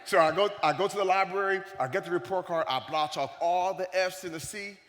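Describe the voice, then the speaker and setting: A man giving a keynote speech, telling a story in an animated way and acting out the voices of the people in it. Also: high voice, brisk, slight background noise. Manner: animated, acts out the voices of the people in his stories. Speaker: keynote speaker. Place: conference hall stage. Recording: long reverb of a large hall.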